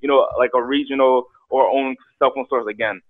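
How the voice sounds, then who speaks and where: Animated young man on a tinny line. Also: medium pitch, fairly quick. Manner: animated, acts out quotes, repeats words. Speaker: guest telling his story. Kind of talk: casual storytelling on a podcast. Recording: tinny phone-like sound.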